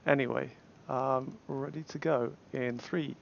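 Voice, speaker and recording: A man's voice: medium pitch, fairly even intonation, unhurried, vocal fry, highs cut off, slight background noise. A man with an English accent casting a game tournament casually, hesitant, with many fillers and restarts. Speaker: tournament caster.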